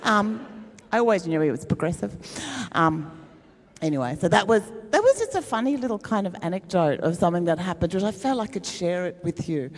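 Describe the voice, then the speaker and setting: A woman's voice: lowish voice, very animated, brisk. A middle-aged woman, a comedian giving a talk at an event and telling a self-mocking, funny story in a chatty way. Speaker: speaker at a climate event. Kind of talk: humorous storytelling speech.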